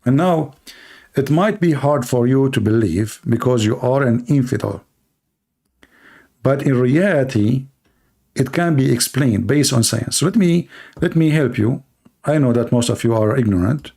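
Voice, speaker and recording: Male livestream host, gravelly, mid-pitched, sarcastic and mocking, broken English. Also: expressive, a little slow, dark tone. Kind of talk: satirical monologue. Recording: livestream talk to viewers.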